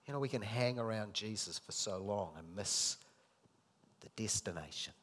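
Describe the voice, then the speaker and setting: A man with a lowish voice delivers a sermon at a moderate pace, acting out dialogue from scripture. He shifts between loud, emphatic lines and soft, intimate ones.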